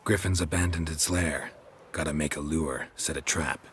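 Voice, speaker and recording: An actor playing a stoic middle-aged male monster hunter in a video game, speaking in short, clipped, deadpan lines. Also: very deep voice, normal speed, a little hiss or hum. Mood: terse.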